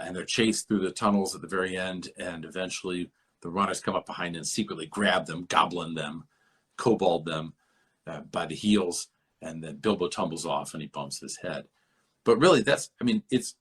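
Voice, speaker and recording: Low-pitched, a bit bright, and breathy, the man hosts a podcast over a remote call. He rambles on about a book in a lecturing literary discussion, musing at length and repeating himself as he thinks aloud.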